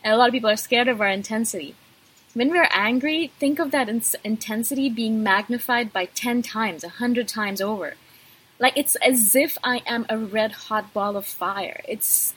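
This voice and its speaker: Woman, vlogger, intense, passionate, husky, higher pitch. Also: moderate pace, fairly bright tone, rough recording. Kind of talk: direct-to-camera talk.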